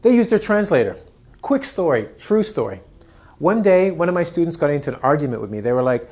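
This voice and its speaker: A man's voice: a little high, very animated, a little fast, a little mellow. A man teaching an English lesson on video, joking, mocking himself and acting out his students. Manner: playful, self-mocking, acts out students.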